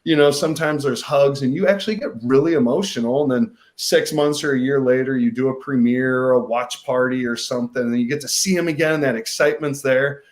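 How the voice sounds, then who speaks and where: A male actor from Missouri is a guest on a panel discussion. His mid-range voice comes out in halting bursts, and he often restarts his sentences.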